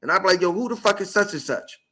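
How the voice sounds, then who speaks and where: Over a noisy background, this podcast host's voice sits high and moves at a quick pace. He's telling a story in a casual, animated way, full of swearing and acted-out quotes.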